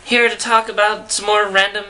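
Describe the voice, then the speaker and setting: A woman's voice: mid-range voice, little pitch movement, normal speed, pushed and bright, slight background noise, poor audio. A young woman vlogging from home into her camera mic, chatting casually and rambling with self-deprecating asides. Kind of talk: casual vlog chat. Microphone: camera mic, talking to camera.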